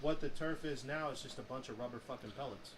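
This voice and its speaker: A man's voice: medium pitch, fast talker. Blunt man chiming in on sports talk. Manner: short agreeing interjections, blunt and profane. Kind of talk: casual profane sports chat.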